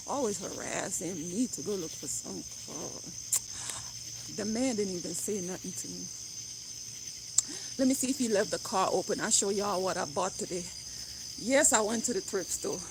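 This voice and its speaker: A woman's voice: medium pitch, noisy background. A woman chatting bluntly and jokingly to her viewers in a casual vlog, recorded on a phone outdoors beside a car. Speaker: vlogger.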